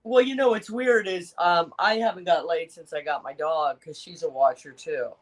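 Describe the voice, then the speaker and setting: A man's voice: a little high, moderate pace. A man co-hosting a talk radio show, chatting casually and laughing easily. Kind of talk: casual chat.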